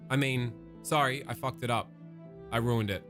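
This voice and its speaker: A man's voice: medium pitch, steady tone, normal speed, over music. A man with an Australian accent casually commenting on a game, reading its text aloud and breaking off for jokey, profane asides.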